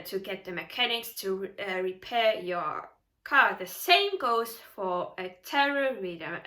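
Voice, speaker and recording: A woman tarot reader giving casual vlog advice, animated and emphatic, often laughing. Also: medium pitch.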